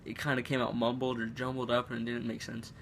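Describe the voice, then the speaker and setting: A man's voice: mid-range voice, monotone, fast talker, a bit bright, slight background noise. A teenage boy telling a school story to camera in a casual, rambling way, with lots of fillers and restarts. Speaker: vlogger. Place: room at home.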